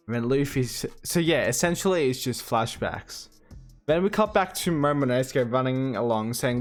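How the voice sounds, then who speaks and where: A man's voice: mid-range voice, normal speed, soft background music. A man reviewing a manga chapter in a casual monologue, retelling scenes and quoting characters in passing with loose fillers.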